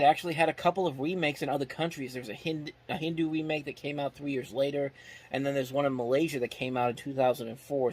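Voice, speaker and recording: A man hosting a casual movie review, rambling and critical, with lots of fillers and restarts. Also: mid-range voice. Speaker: film reviewer and host.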